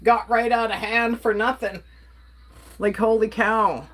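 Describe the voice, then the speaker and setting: A woman's voice: on the high side, fairly even intonation, measured pace, a bit bright. A woman from Canada ranting on a casual livestream, exasperated and blunt while she reads and answers her chat. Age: adult.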